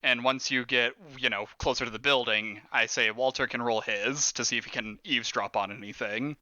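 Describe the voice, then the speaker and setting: A man's voice: mid-range voice, fairly even intonation, a little fast, dull audio, very noisy. A man acting as game master of a tabletop horror game, teasing his players and laughing often.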